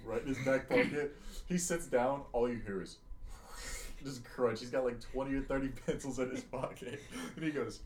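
A young man on a podcast telling a school story in a relaxed, laid-back way. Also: medium pitch, moderate pace. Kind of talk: casual storytelling chat.

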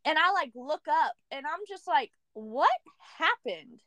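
A young woman co-hosting a podcast, telling a story in animated casual chat full of "like" fillers. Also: sits high, normal speed, no echo. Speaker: podcast co-host.

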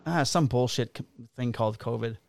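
A male police officer tells work stories in casual chat, full of swearing and flat blunt remarks. His voice has a gravelly rasp. The sound is dry and close, with no room around it. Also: mid-range voice, a little fast, no echo. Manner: profane, blunt, laughs at his own stories.

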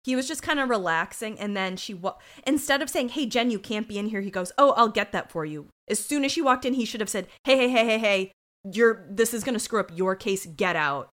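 A woman's voice: mid-range voice, lively intonation, brisk, a bit bright. Blunt podcast lady, swears, voice jumps all over as she recaps. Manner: blunt, swears, acts out quotes. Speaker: podcast co-host. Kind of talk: casual chat recapping a TV episode.

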